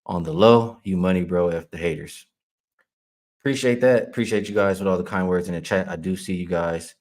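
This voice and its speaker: Low and brisk with a darkish tone, this sports betting show host reads his livestream chat out loud and replies casually. Comments often make him laugh, though a chat troll sets him off on a heated rant.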